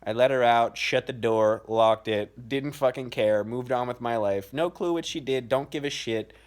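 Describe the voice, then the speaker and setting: A young man telling a personal story in a casual, blunt and profane way, as host of his own show. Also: mid-range voice. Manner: profane, blunt, fast-talking. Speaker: podcast host.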